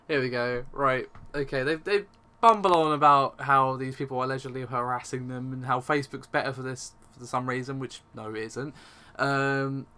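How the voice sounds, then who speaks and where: A man's voice: mid-range voice, sharp tone, clear, resonant tone. A man hosting a casual tech podcast, wry and often laughing as he tells a story. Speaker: podcast host.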